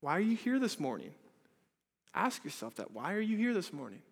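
High-voiced earnest preaching man. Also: very animated, fairly quick, vocal fry, husky. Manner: earnest, many rhetorical questions, swings from loud to hushed. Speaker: pastor. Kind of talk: sermon. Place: church service. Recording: reverberant hall.

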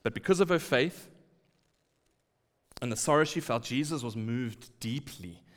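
A man's voice: mid-range voice, expressive, unhurried. Man preaching in a reverberant hall. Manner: acts out quoted lines, drops to quiet asides. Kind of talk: sermon.

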